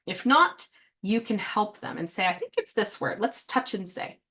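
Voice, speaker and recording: A woman reading specialist talks parents through reading activities in a relaxed, chatty way. Her pitch sits mid-range for a woman. She leans on little fillers as she explains. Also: moderate pace. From Canada. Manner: friendly, casual teaching with fillers. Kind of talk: parent workshop talk.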